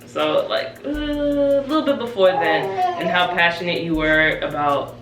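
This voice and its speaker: A laid-back woman talks through viewer questions in a soft, easygoing voice. The mic sits a way off in an echoey room. Music runs clearly behind her. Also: on the low side, a little slow. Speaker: vlogger, partner of the host. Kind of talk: casual chat. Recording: roomy sound from a distant mic with music behind.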